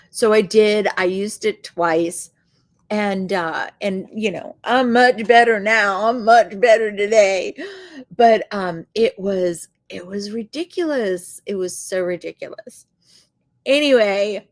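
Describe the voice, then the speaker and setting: Woman vlogger, unhurried chatty storyteller, dry close sound. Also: mid-range voice, no echo. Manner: chatty, expressive, laughs while telling the story. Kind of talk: casual storytelling to camera.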